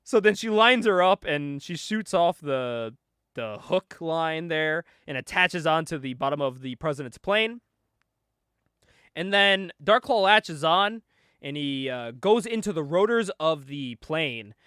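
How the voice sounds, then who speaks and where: A man's voice: fairly high pitch, lively intonation, unhurried, pushed and bright, clean tone, dry recording, studio quality. A man casually recapping a comic book, joking, swearing and laughing often as he goes. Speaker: podcast host reviewing a comic.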